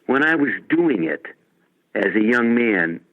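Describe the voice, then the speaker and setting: An older man from Chicago talks in a lively, swooping way, spinning playful stories as an interview guest. His voice comes through a tinny, narrow phone line. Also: mid-range voice, measured pace. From Chicago, USA. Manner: animated, storytelling, playful. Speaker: musician guest. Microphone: telephone.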